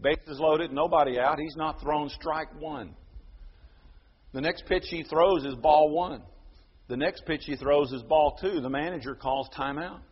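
A man preaching a sermon, emphatic, his voice swelling to loud peaks and then dropping soft. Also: on the high side, measured pace, slightly rough, highs cut off. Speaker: pastor.

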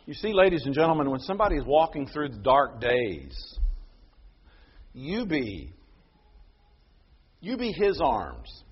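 A man preaching a sermon, emphatic, his voice swelling to loud peaks and then dropping soft. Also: medium pitch, breathy edge, dull audio. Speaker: pastor.

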